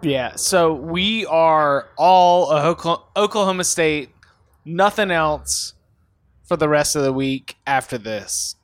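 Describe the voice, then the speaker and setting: A man's voice: fairly high pitch, slow, no echo. A man co-hosting a casual sports podcast, making dry joking asides. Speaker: podcast co-host.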